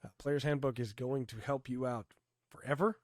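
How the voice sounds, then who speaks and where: A man co-hosting a podcast about tabletop game rules, hoarse and losing his voice from a cold, chatty and explaining with lots of fillers. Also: mid-range voice, fairly even intonation, normal speed, no room sound, clean studio sound. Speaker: podcast co-host.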